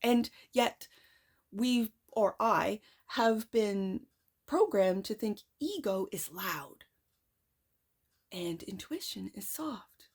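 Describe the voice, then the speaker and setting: A woman giving a tarot reading to camera in an excited, emphatic way. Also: mid-range voice, extremely slow, breathy edge. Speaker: tarot card reader.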